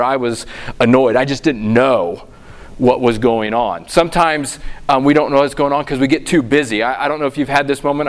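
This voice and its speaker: A middle-aged man, a pastor giving a sermon, telling stories in a lively, conversational way. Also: fairly high pitch. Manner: storytelling, animated and conversational.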